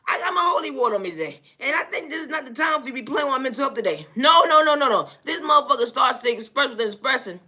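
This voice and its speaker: Animated, profane woman ranting. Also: sits high, fast talker. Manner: profane, exasperated, laughing often. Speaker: vlogger. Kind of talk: comedic storytelling rant.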